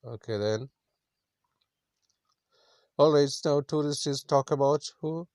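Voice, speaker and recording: A man's voice: fairly high pitch, takes it slowly, a little mellow, dry recording. A man teaching an English story lesson, explaining words simply and repeating himself with many fillers. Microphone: screen recording.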